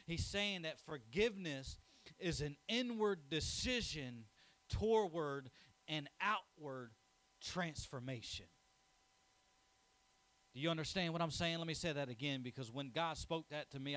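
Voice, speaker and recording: A man's voice: high-pitched, expressive, unhurried, bright, forceful tone. A young man preaching a sermon, telling a family story, then reading scripture and building to emphatic, rising declarations. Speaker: pastor.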